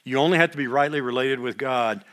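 Bright-voiced older man teaching scripture. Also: mid-range voice, fast. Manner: reads scripture aloud louder, drops to quiet asides. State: repeatedly clearing his throat. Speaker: Bible teacher. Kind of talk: sermon-style Bible study lesson.

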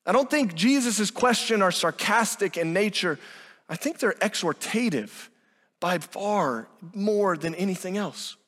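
High-voiced man preaching in a hall. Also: animated, a little slow, a bit bright. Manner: emphatic preaching, acting out quoted dialogue. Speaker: pastor. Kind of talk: sermon.

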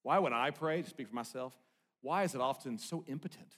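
A middle-aged male pastor preaching, telling a personal story, then swinging between loud, excited passages and hushed, quiet ones. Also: medium pitch, fairly quick. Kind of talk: sermon.

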